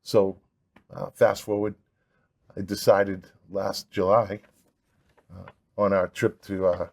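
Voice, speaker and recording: A man with a Boston accent, a guest speaking plainly in a casual interview, halting with "uh". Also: deep voice, flat delivery, creaky, a little mellow. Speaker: guest, veteran and nonprofit founder.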